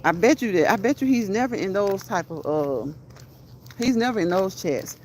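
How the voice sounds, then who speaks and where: A woman's voice: mid-range voice, slight background noise. A woman hosting a casual livestream, reading chat messages aloud, laughing often and talking back to her viewers. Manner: quick, lively chatter.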